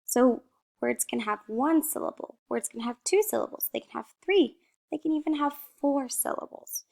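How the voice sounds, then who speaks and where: Woman teacher, slow and patient, fairly high voice, slight gravel, stretches out practice words for small kids. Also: darkish tone. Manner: drawn-out word modelling, questions then answers. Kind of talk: slow, encouraging phonics lesson for young children.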